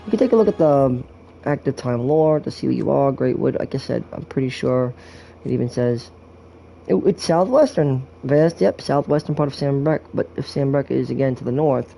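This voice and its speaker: A man's voice: mid-range voice, moderate pace, creaky, dark tone, slight background noise. A man giving a joking, rambling walkthrough commentary on a video game, full of crude jokes and swearing.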